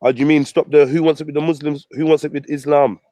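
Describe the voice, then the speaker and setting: A man delivers a combative, profanity-laden rant full of mockery. His voice is mellow and dark in tone, recorded dry and close with no room sound. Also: on the high side, flat delivery, fast talker, dry recording. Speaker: vlogger. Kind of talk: ranting commentary.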